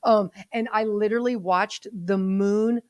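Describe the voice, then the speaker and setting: Middle-aged woman chatting on a podcast, lively storytelling, dry close sound. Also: mid-range voice, a little slow, no room sound. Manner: chatty storyteller, animated quoting. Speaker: podcast guest, mother of the groom. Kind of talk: casual chat.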